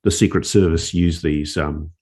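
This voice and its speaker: A male journalist telling a story in casual conversation, animated and often restarting his phrases. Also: very deep voice, normal speed, husky. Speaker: investigative journalist, interview guest.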